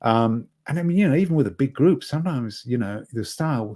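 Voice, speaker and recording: Male trainer, mid-pitched warm voice, loose conversational lecture full of asides and restarts, punches up volume for emphasis. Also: lively intonation, brisk. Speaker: presentation skills trainer. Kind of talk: online lecture.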